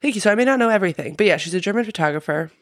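A woman's voice: mid-range voice, lively intonation, rapid-fire, no echo, clean studio sound. A woman co-hosting a podcast, chatting casually and self-deprecatingly about a TV episode, full of fillers. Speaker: podcast co-host. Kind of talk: casual chat recapping a TV show.

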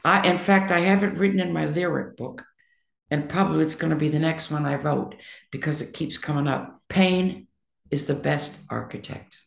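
A woman's voice: sits low, steady tone, a little fast, creaky, roomy sound. A woman being interviewed about her writing, talking in an emphatic, blunt and outspoken way. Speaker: interview guest, poet and songwriter. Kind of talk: candid conversational interview.

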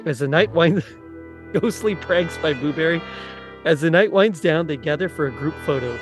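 A man's voice: a little high, moderate pace, soft background music. Giggly man reading a script. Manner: giggly, breaking into laughter while reading. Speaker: podcast host. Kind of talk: reading a skit script aloud.

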